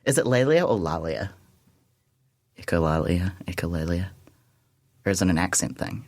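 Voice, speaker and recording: A man's voice: deep voice, big pitch swings, fast talker, vocal fry, a little mellow, no room sound. A man co-hosting a community radio show in a studio, chatting casually and feeling sleepy, laughing at himself. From New Zealand. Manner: laughs often, self-deprecating. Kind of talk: casual chat.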